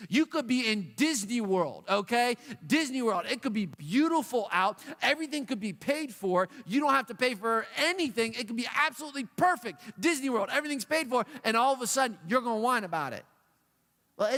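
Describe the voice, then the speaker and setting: High-voiced youth pastor preaching in a hall. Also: male voice. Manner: animated, acts out a whining dog and whiny voices. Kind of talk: youth sermon. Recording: long hall reverb.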